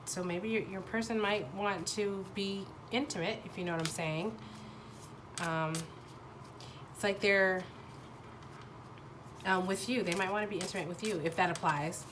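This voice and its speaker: A young woman with a nasal voice from a sinus infection, giving a casual tarot reading and often pausing and restarting as she searches for words. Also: medium pitch, steady tone, noisy background. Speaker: tarot reader.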